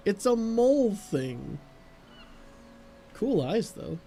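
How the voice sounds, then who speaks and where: A high-voiced man streams a game and gives loose, joking commentary, cursing freely as he plays. Faint music plays underneath. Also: animated, measured pace.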